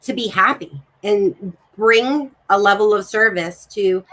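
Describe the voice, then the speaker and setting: Bright-voiced woman hosting a talk show. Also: medium pitch, measured pace, low-quality recording. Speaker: show host. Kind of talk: hosted talk-show conversation.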